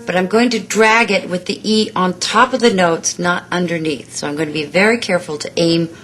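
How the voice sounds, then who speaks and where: Female vocal coach, lowish voice, teaching and modeling sounds with brisk praise. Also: fairly even intonation, over music. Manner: instructive, demonstrates sounds, gives quick praise. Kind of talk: vocal lesson.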